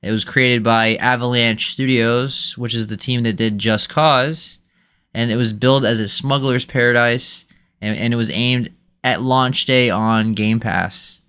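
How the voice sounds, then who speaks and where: A man hosting a casual gaming podcast, running through the news in a relaxed, lightly joking way. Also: mid-range voice, unhurried, clean tone. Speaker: podcast host.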